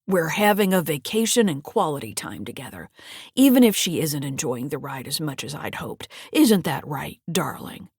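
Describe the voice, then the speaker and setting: A woman voicing a smooth-talking, menacing old grandfather who speaks low and slow. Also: sing-song, darkish tone, no echo, clean studio sound, exaggerated voice. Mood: coaxing.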